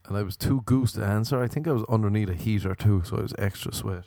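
Guy doing standup, low mellow voice, rambly and crude about himself. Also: fast, no room sound. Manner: rambling, self-mocking, crude. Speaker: stand-up comedian. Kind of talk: stand-up comedy monologue.

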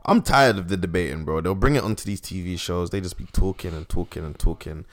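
A young man chatting casually, animated and swearing freely. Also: sits low, fast. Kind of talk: casual podcast chat.

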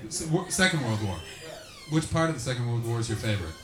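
A man doing stand-up comedy, loudly and profanely teasing audience members. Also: mid-range voice, expressive, fast talker, music in the background. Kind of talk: stand-up crowd work. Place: comedy club before a live audience. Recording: echoey club with loud crowd.

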